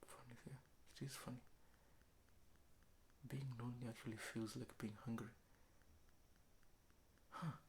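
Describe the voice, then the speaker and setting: A man from Kenya, talking slowly and reflectively in a late-night confessional monologue at home, often dropping into a whisper. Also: medium pitch, fairly even intonation, a little hiss or hum. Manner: slow, reflective, often sinking to a hushed whisper. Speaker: vlogger. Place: apartment indoors.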